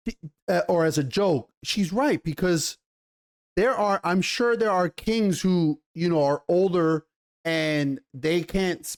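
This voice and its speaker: A man giving a casual, animated TV episode review in slangy talk, often repeating himself. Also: on the high side. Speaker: TV show reviewer.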